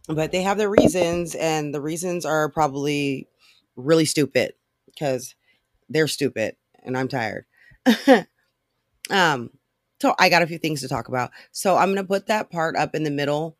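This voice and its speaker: Solo podcast rant, blunt, profane, frustrated, filler-heavy, mid-pitched, dry. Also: no echo. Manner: fast talker. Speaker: podcast host.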